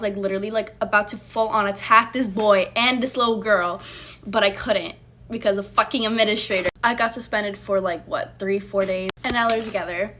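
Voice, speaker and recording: A woman's voice: medium pitch, a bit bright. A woman telling a personal story in a casual storytime vlog, blunt and heated, swearing freely as she recounts it. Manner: blunt, profane, heated retelling.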